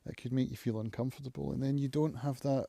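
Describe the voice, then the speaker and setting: Mellow-voiced man musing aloud. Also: medium pitch, fairly even intonation, gravelly, no echo. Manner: reflective, musing, thinks aloud with pauses. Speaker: channel host, recovering alcoholic. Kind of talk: casual live-stream monologue.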